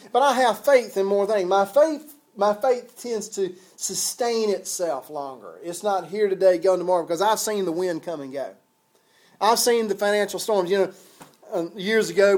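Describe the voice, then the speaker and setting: A man's voice: high voice, a little mellow. A man preaching a sermon in a conversational, folksy way, with chuckles and casual asides.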